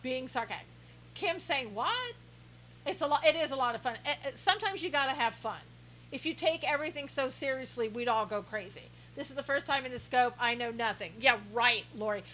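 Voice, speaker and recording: Woman, live-stream host, sarcastic, teasing, laughing often, high bright voice, faint hum. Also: poor audio. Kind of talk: sarcastic live-stream chat, reading viewer comments.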